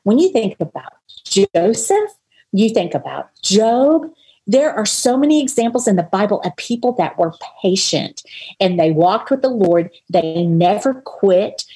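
Breathy woman leading Bible chat. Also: mid-range voice, unhurried. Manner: earnest, expressive, reads scripture aloud. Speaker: podcast co-host. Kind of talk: casual Bible study chat.

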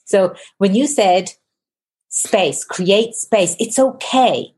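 Fast-talking, effusive woman host. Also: medium pitch, a little mellow. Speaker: podcast host. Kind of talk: casual interview chat.

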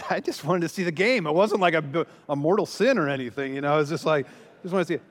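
A man's voice: a little high, a little fast, in a large hall. A man speaking as a pastor, telling a story with self-deprecating humor and many fillers. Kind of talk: humorous teaching talk.

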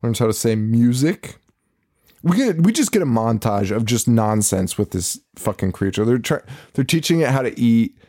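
A man's voice: mid-range voice, moderate pace. A man co-hosting a podcast, casually recapping a movie with lots of swearing and laughter. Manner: profane, laughing, animated retelling. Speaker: podcast co-host.

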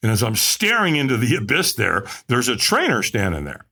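A male guest tells a personal story in a vivid, animated way, acting out the other people in it. His voice has a husky edge. His pitch rises and falls widely as he builds the tension. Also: fairly quick. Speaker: podcast guest.

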